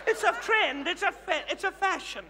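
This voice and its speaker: Man playing a very high-voiced older australian woman, glamorous self-styled megastar, teasing and theatrical, live theatre with long reverb. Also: animated, normal speed, a crowd in the background, background noise. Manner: teasing, theatrical, coos endearments at the audience. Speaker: stage comedian. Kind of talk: live stage comedy monologue. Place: large theatre, live in front of an audience.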